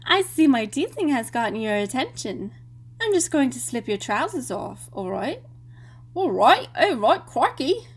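A woman's voice: high voice, big pitch swings, slightly rough, exaggerated voice. A woman playing a teasing young student witch.

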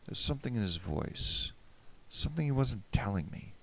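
A man narrating a first-person story in a wry, measured way. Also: on the low side, sing-song, gravelly, fairly bright tone, no echo.

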